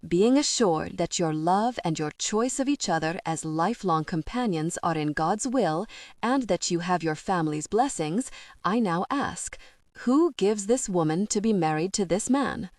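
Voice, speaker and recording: A woman playing a short, kind older male reverend with a thick foreign accent, speaking in a slow, solemn liturgical way. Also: high voice, lively intonation, a little mellow, no room sound.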